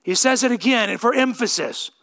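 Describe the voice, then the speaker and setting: A man preaching a sermon as pastor, reading scripture and building to emphatic, shouted peaks. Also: extremely high pitch, brisk, creaky. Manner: emphatic, swelling to shouts on key lines.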